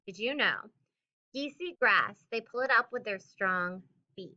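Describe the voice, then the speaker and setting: A woman teacher reading a picture book aloud to children with expressive storybook delivery, then talking through the lesson. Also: medium pitch, a little slow, lo-fi sound.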